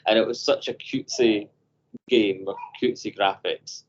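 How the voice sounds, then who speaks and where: A man co-hosting a podcast over a video call, telling animated stories and acting out voices. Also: lowish voice, moderate pace, lo-fi sound. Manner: animated storyteller, acts out voices. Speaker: podcast co-host. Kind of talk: casual chat.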